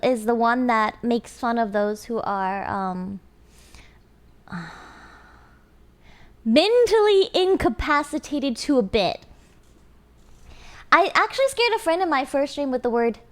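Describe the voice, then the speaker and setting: Young woman, high voice, very lively pitch, giggly casual stream chat. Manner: animated and giggly, talking to chat. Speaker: live streamer.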